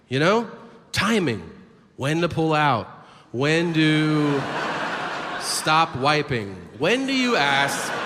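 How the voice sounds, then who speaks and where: A male comedian on stage with a slightly high voice, delivering mock-philosophical, deadpan setups. His voice carries a long reverb, with clear background noise. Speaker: stand-up comedian. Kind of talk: stand-up comedy set. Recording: reverberant live room with noise.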